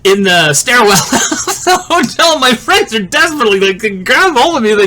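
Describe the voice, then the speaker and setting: High-voiced, lively storytelling man. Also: moderate pace, hardly any pauses, background noise. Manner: animated, laughs often, swears freely. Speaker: video creator telling a personal story. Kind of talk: casual storytelling monologue.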